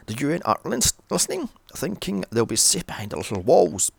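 A man's voice: fairly high pitch, wildly swooping pitch, brisk, gravelly, husky, dry recording. A man recapping a film in a sarcastic, exasperated rant, swearing constantly. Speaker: film reviewer. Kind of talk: profane ranting film recap.

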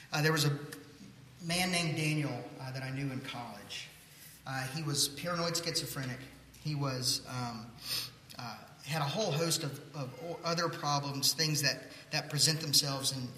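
A middle-aged man pastor preaching a sermon, telling a story and acting out the people in it with lively energy. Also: a little high. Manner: storytelling, animated quoting of others. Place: church sanctuary. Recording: echoey hall with faint noise.

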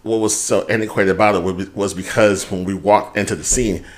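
This is a man with a fairly low voice, talking in a relaxed, unfiltered way on a podcast. He swears freely and works through a rough day out loud as he chats with his co-host. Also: a little fast. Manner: candid, swears freely, talks through a hard day at length. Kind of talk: casual chat.

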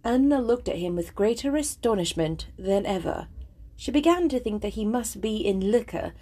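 Husky woman reading a classic novel. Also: on the high side, expressive, normal speed, warm tone. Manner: chatty, self-deprecating, eager. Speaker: audiobook reader. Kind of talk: casual intro then novel narration.

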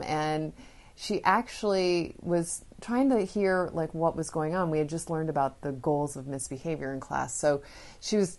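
A woman's voice: low voice, darkish tone. A woman parenting educator chatting casually, retelling stories with fillers. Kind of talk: casual storytelling talk.

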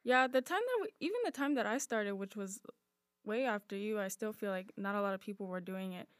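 A woman's voice: mid-range voice, animated, fairly quick, no echo, clean studio sound. A young woman co-hosting a podcast, talking easily in casual chat with many fillers. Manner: easygoing, thoughtful, many "um" and "like" fillers. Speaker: podcast co-host.

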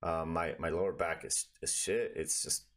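A man's voice: deep voice, steady tone, normal speed, a bit bright. A man telling a story in casual, profane conversation over a video call, rambling with lots of fillers.

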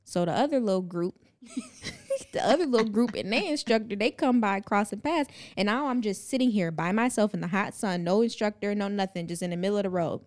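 Woman w aave telling a wild story, acts out all the voices, super animated. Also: mid-range voice, fairly quick. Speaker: podcast co-host. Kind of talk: casual chat.

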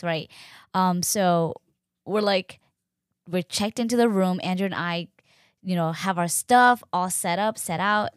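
A young woman casually telling her own story, chatty and animated, acting out what others said. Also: smooth, no room sound, clean studio sound. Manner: chatty, animated, acts out quoted voices with pitch jumps. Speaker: podcast host sharing her birth story.

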